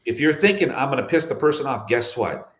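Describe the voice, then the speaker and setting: A man's voice: mid-range voice, animated, fairly quick, echoey room. A man talking in an interview as a guest, emphatic, repeating phrases and asking rhetorical questions. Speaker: guest, security chief and health advocate. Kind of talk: reflective interview talk.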